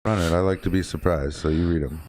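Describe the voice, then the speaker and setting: A man with a deep, slightly mellow voice talks at a quick pace with fairly even intonation, captured in a dry, studio-quality recording. He's a podcast co-host in a casual chat, joking and rambling.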